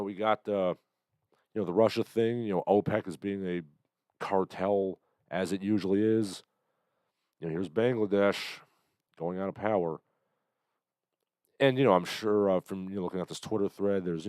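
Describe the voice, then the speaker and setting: A man hosting a livestream, commenting on the news in a sardonic, halting way with lots of fillers, still getting over an illness. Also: low voice, fairly even intonation, a little mellow, clean tone, dry recording. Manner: sardonic, hesitant with many fillers. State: recovering from illness, coughing. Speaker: livestream host.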